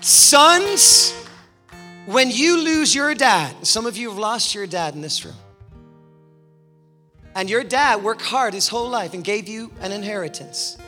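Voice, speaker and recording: A high, bright-voiced man preaches with fervent intensity, his voice climbing to shouts as he presses his point. His words ring out with a long hall reverb. Faint guitar plays softly behind him. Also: expressive, measured pace, pauses often. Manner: impassioned, rising to shouts, acting out voices in parables. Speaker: guest preacher. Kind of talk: sermon.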